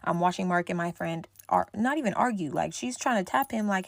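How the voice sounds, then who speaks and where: A young woman telling a wild party story in casual storytime style, animated, swearing freely and acting out what people said. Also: fairly low pitch, a little fast, creaky, dry recording.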